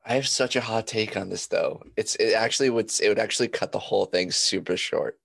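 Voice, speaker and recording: A young man trades crude, profane jokes as a podcast co-host. His voice is low and gravelly with lots of fry. It sounds close and dry, with no room echo. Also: a little fast, a bit bright. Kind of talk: casual podcast chat.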